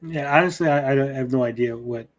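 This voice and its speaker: A man's voice: medium pitch, fast. Brief: male stream host, blunt and jokey, reads chat, swears casually. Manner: blunt, joking, swears freely. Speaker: show host reading chat.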